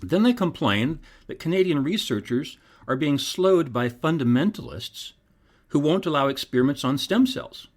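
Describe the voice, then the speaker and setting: A man's voice: animated, moderate pace. A man hosting his own podcast, reading scripted commentary in an emphatic, preacherly way. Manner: emphatic, preacherly delivery with wide pitch swings. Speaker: podcast host.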